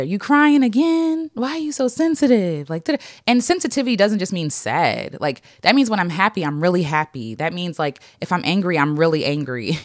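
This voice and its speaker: A woman's voice: sits low, no room sound, studio quality. A woman vlogger reading affirmations to her inner child and reflecting openly, laughing often and talking casually with many fillers.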